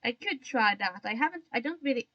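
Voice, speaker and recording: With a somewhat high voice, animated and brisk, a young woman remarks self-mockingly on the odd tone she's putting on today while chatting to herself during a drawing livestream. The audio is dull.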